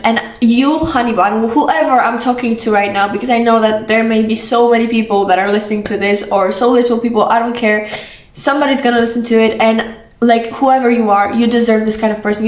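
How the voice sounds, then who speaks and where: Chatty young woman. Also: on the high side. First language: Polish. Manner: chatty, full of "like", affectionate. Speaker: vlogger. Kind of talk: casual heartfelt talk to camera. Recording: roomy echo.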